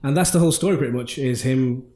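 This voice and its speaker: A young man hosts a casual chat, rattling through film plots at a quick clip. His voice sits at an ordinary pitch and carries a noticeable room echo around it. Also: warm tone. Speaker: podcast host. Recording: roomy echo.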